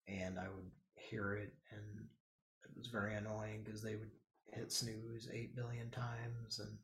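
A podcast host with a low, creaky voice runs a live show, chatting casually in a live-stream style and trading crude jokes and banter.

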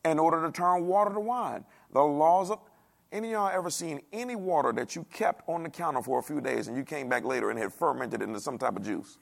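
Gravelly-voiced preacher with a dialect. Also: male voice, a little high, fairly quick. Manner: animated preaching, asks the congregation questions, acts out quoted voices. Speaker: pastor. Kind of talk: sermon.

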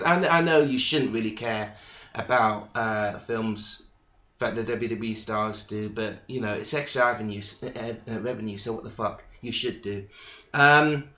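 A man hosting his own podcast, rambling slowly and haltingly with lots of ums, restarts and casual swearing. His voice sits at an ordinary middle pitch. The recording sounds dull and lo-fi, with a noticeably echoey room around him. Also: pushed and bright. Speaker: podcast host. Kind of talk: solo podcast monologue.

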